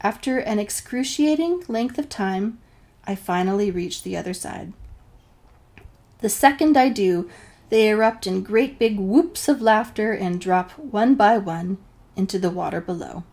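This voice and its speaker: A woman's voice: mid-range voice, a little slow, a little mellow. A woman from New Hampshire telling a personal story to the camera, wry and self-deprecating. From New Hampshire, USA. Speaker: vlogger.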